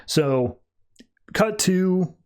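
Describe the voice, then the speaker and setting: A man's voice: high-pitched, lively intonation, extremely slow, darkish tone, smooth. A man hosting a podcast, recapping comics in a chatty, loose way full of fillers. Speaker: podcast host.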